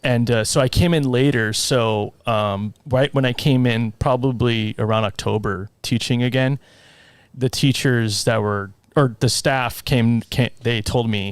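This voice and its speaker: In a dry recording, a music teacher guests on a casual podcast, speaking at a measured pace in a clean, medium-pitched voice. He tells stories with lots of laughter, animatedly acting out the different voices.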